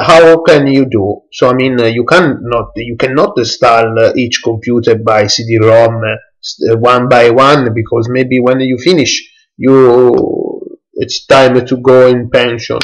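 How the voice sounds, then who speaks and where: A young man, an English speaker, walks through a computer setup in a screencast tutorial, pausing often and restarting his sentences. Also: medium pitch, poor audio. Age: young adult. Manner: halting, many fillers and restarts, non-native English. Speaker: tech tutorial presenter.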